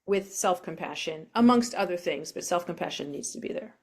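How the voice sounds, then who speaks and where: A middle-aged woman coach speaking gently and reflectively as an interview guest, over a video call from home. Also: lowish voice, expressive, fairly quick, breathy edge. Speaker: self-compassion coach. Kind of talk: interview guest, casual explanation.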